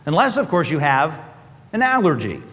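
A man preaching a sermon as pastor, animated, often acting out quoted voices. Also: a little high, normal speed. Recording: long hall reverb.

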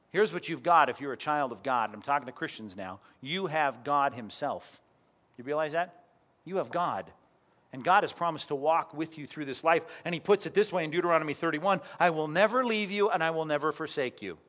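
A man's voice: on the high side, fairly bright tone. A middle-aged man preaching a sermon as a pastor, conversational and story-driven, often putting direct questions to his listeners.

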